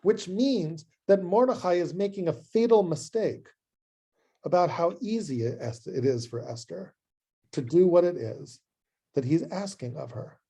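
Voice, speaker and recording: A man, a rabbi, giving an adult education lecture in an animated, conversational way that acts out scenes. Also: high-pitched, a little slow, slightly rough. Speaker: rabbi and teacher.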